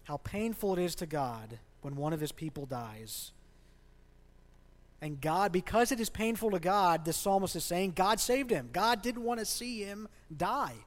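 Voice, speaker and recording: A man's voice: high-pitched, expressive, a little slow. A man preaching a sermon as a pastor in a church, speaking conversationally and asking the congregation questions. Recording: long reverb of a large hall.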